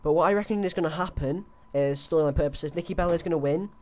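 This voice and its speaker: Young guy rambling on a headset, voice sits a bit high, lots of ums and restarts. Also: fast talker, a little mellow. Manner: rambling, chatty, many fillers and restarts. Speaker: host. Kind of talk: casual wrestling predictions chat.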